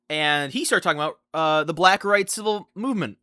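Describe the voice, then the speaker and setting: Young male vlogger, animated and incredulous storyteller, fairly high voice, dry close sound. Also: moderate pace, few pauses, smooth, no room sound. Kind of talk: storytime vlog.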